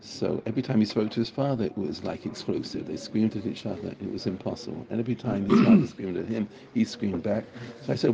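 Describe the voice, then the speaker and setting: A man's voice: on the low side, fast talker, creaky, hardly any pauses, background noise. A man teaching a Torah class in a casual, enthusiastic way, repeating phrases for emphasis. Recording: muffled recording with a crowd audible.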